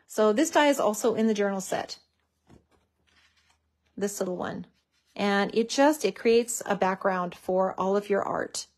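A woman's voice: mid-range voice, a little slow, long pauses, darkish tone. A woman hosting a craft tutorial, chatting casually and gushing over how cute everything is as she works.

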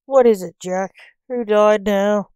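A woman's voice: on the high side, expressive, unhurried, warm tone, no room sound, voice pushed up. Woman voicing a grumpy, snappish old doctor. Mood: irritable. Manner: snappish, moaning complaints. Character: grumpy older male doctor, impatient. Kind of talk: amateur story reading.

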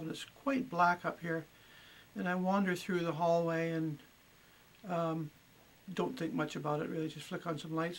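A middle-aged woman talks at an easy pace in her own home at night. Her storytelling is chatty and full of little pauses, ums and uhs. There is a faint background hum behind her. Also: fairly low pitch, rough recording. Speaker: homeowner and guest. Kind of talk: casual storytelling.

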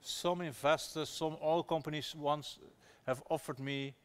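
A man's voice: a little high, steady tone, a little slow, a bit bright, clean tone. A man from the Netherlands, an activist investor guest who tells his story with earnest energy and frequent restarts. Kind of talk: storytelling conversation at a public talk.

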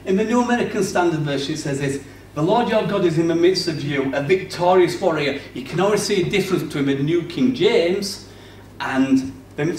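Guy preaching, goes loud then quiet, roomy church sound from off mic. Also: a little high, fairly quick, far from the mic, a little hiss or hum. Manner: conversational, swings from loud to hushed. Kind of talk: sermon. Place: church hall.

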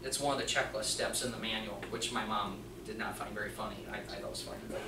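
A man giving a live training presentation to an audience, telling a story in an animated way and acting out the dialogue. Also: lowish voice, quick pace, very noisy. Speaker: workplace trainer and mechanic. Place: meeting room at a hospital. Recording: roomy echo, distant mic.

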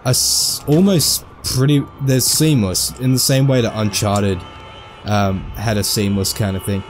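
A man giving casual, jokey let's-play commentary, excitable and full of goofy asides. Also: lowish voice, unhurried, soft background music. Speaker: gameplay commentator.

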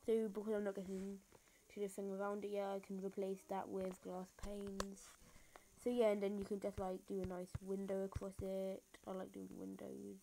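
A woman's voice: medium pitch, monotone, moderate pace, dark tone, a little hiss or hum, rough recording. A woman talking through a building tutorial in a rambling, self-mocking way, full of fillers, recorded on a phone screen recorder. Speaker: game tutorial maker. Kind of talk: casual building tutorial commentary. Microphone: phone screen recorder mic.

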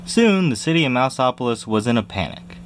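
A man reading a children's picture book aloud in a lively storytelling manner, jumping high for squeaky cries. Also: brisk, a little hiss or hum. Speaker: reader.

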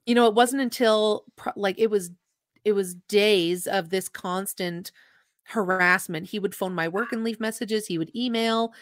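A young adult woman speaks as a podcast guest, retelling her own story with earnest emotion. She slips into quoted dialogue as she goes. Her voice sits at an ordinary middle pitch and is recorded close and dry, with no room sound. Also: a little slow, no echo. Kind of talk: personal storytelling in an interview.

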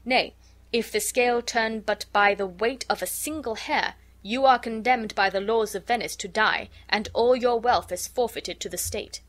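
A woman reading the lines of a young woman posing as a wise counsellor, grave and measured, in a storybook. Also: on the high side, fairly bright tone, natural voice.

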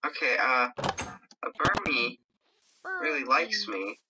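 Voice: mid-range voice, sing-song, slow pace, background noise. A co-player in a casual gameplay video, hesitant, reacting with short remarks and fillers.

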